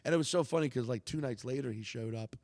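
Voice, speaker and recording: A man, a comedian, telling a story in casual conversation, animated and swearing freely, acting out the lines of the people in it. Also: mid-range voice, fast, creaky, dry recording, big-room sound. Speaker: comedian guest.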